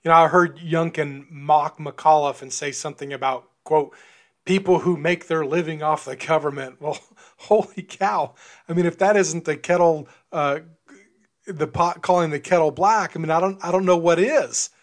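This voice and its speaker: A man's voice: on the high side, normal speed. A man giving an informal sermon and Bible teaching, talking conversationally and often repeating words as he restarts. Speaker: preacher.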